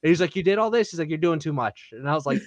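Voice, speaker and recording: A man's voice: on the high side, racing, no echo. A man who creates comics, telling a convention story in casual podcast chat, acting out what people said and laughing often. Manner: animated storyteller, quotes others, laughs often.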